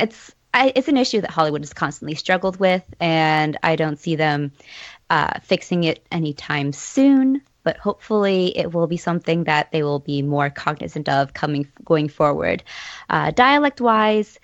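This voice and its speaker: Woman, podcast guest, low pitch, thoughtful, hedging, dry muffled audio. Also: no echo. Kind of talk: casual podcast discussion.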